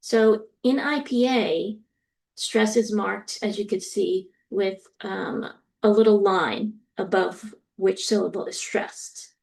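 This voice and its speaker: A woman lecturer explaining a topic step by step, often pausing with ums and acting out example sentences. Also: mid-range voice, creaky, darkish tone. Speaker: university lecturer. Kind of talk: recorded lecture.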